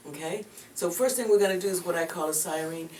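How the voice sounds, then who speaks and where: A woman's voice: fairly low pitch, quick pace, a little mellow. Encouraging vocal coach woman, echoey room. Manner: encouraging and chatty, calls the student "girl". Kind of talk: voice lesson instruction. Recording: echoey room, mic far off, background noise.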